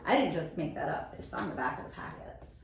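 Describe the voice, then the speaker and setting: A young woman teaching preschoolers on video, gently sounding out words slowly and patiently as she plants seeds with a child. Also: deep voice, big pitch swings, creaky, a little hiss or hum. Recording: very echoey room, mic far off.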